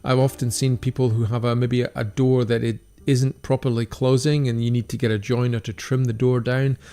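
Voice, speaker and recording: A man's voice: medium pitch, little pitch movement, fairly quick, dark tone, clear, resonant tone. An older Scottish man, a stained glass artist chatting casually and encouragingly on his livestream and reading out viewer comments. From Scotland.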